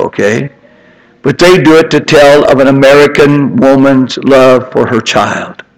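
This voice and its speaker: An older man preaching an impassioned sermon, climbing to high emphatic peaks and then dropping into soft, tender storytelling. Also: low-quality recording.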